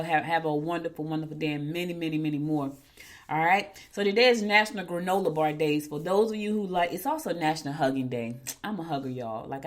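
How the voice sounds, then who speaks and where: A woman with a low voice hosts a morning show in a loose, chatty way. She talks playfully and straight to her listeners, and she drifts off into asides. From New Jersey. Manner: chatty and playful, addressing listeners directly as y'all. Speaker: show host. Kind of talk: casual chat.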